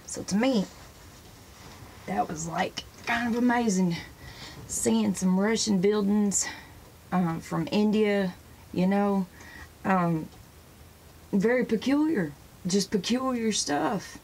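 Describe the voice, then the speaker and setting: A woman hosting a casual show-and-tell video, excitedly pointing out pictures in books and dropping in praise phrases as she rambles. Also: mid-range voice, slow, pauses often, a little hiss or hum, rough recording. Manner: sprinkles praise phrases into talk. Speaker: religious video host.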